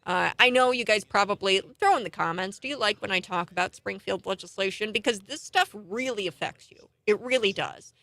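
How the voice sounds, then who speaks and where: A woman hosting a morning talk radio show, getting indignant and animated as she rants and laughs in scorn. Her voice sits in a middle pitch. It is recorded close and dry on a studio mic. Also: brisk, creaky, hardly any pauses, no echo. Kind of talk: heated political talk radio monologue.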